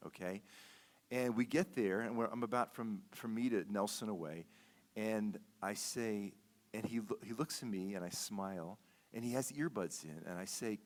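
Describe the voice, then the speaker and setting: A man giving a sermon as a guest speaker, telling a personal story in a conversational way, repeating words and often checking in with "okay?". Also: fairly low pitch. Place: church sanctuary.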